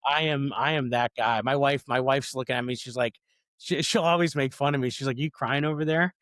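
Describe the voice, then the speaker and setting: A man's voice: medium pitch, brisk, a bit bright, no echo, studio quality. A man in his forties, a comedian guest in a casual interview, talking eagerly and rambling, often repeating words as he goes.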